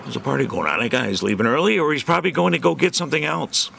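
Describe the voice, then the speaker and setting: A man's voice: mid-range voice, sing-song, fast, vocal fry, bright, forceful tone, slight background noise. A middle-aged man hosting his own segment, telling rambling folksy jokes with lots of fillers and chuckling at his own punchlines. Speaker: host of a community show segment. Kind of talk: rambling joke-telling monologue.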